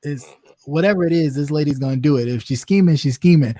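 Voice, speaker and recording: A man's voice: fairly high pitch, quick pace, warm tone, no room sound. A man hosting a casual talk show, easygoing, who trails off and repeats himself. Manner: laid-back, trailing off, repeats phrases. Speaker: show host. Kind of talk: casual chat.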